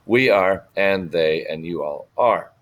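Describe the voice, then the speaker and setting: Male teacher, low voice, patient, drills vocabulary for an online class. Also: fairly bright tone. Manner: patient, repeats Spanish forms slowly for students. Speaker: Spanish teacher. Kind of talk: recorded online lesson.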